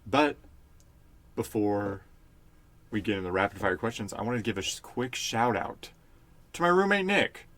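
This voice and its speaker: A man hosting a podcast, asking questions in a relaxed, hesitant way with many fillers. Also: lowish voice, moderate pace, pauses often. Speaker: podcast host. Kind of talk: casual chat.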